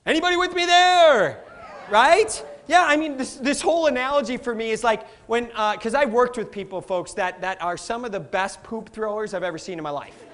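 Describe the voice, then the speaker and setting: A middle-aged man giving a live motivational talk, energetic and playful, quizzing the audience and laughing often. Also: sits high, a little fast, hardly any pauses. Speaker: motivational speaker.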